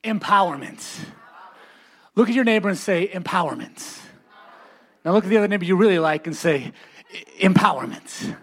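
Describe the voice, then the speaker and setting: A man preaching a sermon as pastor, building to shouted lines and calling on the congregation to repeat after him. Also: high-pitched, expressive, a little fast. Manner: preaching, often rising to shouts, calls for congregation responses.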